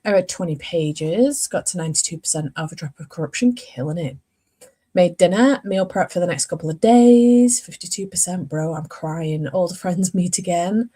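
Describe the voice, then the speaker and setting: Young woman, casual book vlogger, chatty and rambling, self-correcting, slightly low pitch. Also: normal speed, warm tone, slightly rough. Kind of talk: casual chat.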